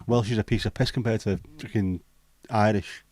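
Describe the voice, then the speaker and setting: An Englishman hosts a livestream, reading out the chat with blunt, sweary banter in a casual way. His voice is lowish and a little mellow, with fairly even intonation at a normal speed.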